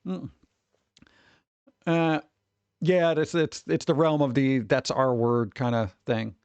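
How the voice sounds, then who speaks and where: A man's voice: a little high, takes it slowly, a little mellow, clean tone, no room sound. Rambling, laughing American male streamer. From United States. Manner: rambling, laughs often, trails off. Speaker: VTuber streamer. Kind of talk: casual livestream chat.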